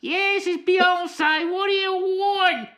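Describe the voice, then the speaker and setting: A chirpy, dithery woman caller who calls everyone love and sweetheart, as a man puts her on. Her voice sits high and bright. She rambles on as a comedy sketch bit. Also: steady tone, slow pace, heavily acted. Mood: chatty. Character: chirpy woman posing as a pop star.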